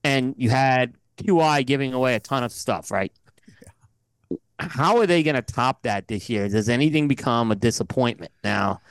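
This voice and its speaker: A man's voice: mid-range voice, moderate pace, no echo. A man guest on a podcast, giving analytical commentary in casual chat, with many fillers and restarts. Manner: analytical, talks in numbered points with many fillers.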